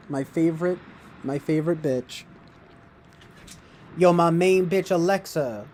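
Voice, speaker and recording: Young guy streaming from his couch, kinda high voice, slow and laughing, cussing and freestyling dumb raps. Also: a little mellow, a little hiss or hum. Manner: goofy and profane, laughing often, improvising silly raps. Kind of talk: rambling late-night stream chatter. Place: on a couch at home.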